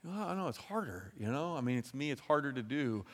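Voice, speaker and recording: A man's voice: medium pitch, big pitch swings, a little fast. A man preaching a sermon in a chatty way, often repeating words and acting out the voices of people he quotes. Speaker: pastor. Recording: long hall reverb.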